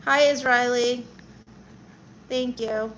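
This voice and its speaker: Woman streamer-comic, casual chat-reading, teasing delivery, bright higher voice, faint room noise. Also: steady tone, slow pace, rough recording. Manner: sassy, teasing banter with viewers. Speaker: livestream host reading chat; stand-up comedian.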